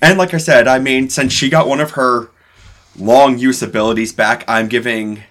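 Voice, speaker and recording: A man's voice: mid-range voice, fairly even intonation, normal speed, a bit bright. A man recapping the last session as game master, in a loose, hesitant way with fillers.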